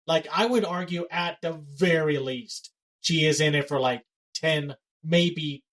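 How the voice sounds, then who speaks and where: A man's voice: on the high side, a bit bright, rough recording. A man co-hosting a casual pop culture podcast, blunt and given to ranting. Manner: blunt, ranting, fast-talking. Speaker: podcast co-host.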